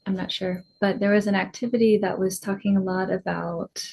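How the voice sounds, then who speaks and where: A woman's voice: mid-range voice, flat delivery, fairly quick, gravelly, a little mellow, breathy edge, low-quality recording. A woman co-hosting an online satsang, hesitantly relaying questions from the chat.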